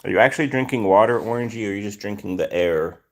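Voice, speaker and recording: A man's voice: lowish voice, fast talker. A man hosting a casual livestream, greeting viewers by name and answering chat questions. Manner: reads chat names aloud and greets viewers. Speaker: livestream host.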